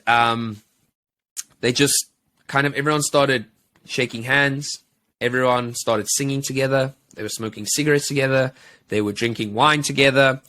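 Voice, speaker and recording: A man's voice: mid-range voice, pushed and bright. A man co-hosting a podcast, telling a story in a casual, rambling way with many fillers. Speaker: podcast co-host.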